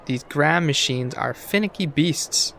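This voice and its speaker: A man voicing a grumpy, impatient woman mechanic in a video game, reading her lines gruffly. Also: on the high side, expressive, measured pace, fairly bright tone, slight background noise, exaggerated voice. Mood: grumbling. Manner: gruff, dismissive.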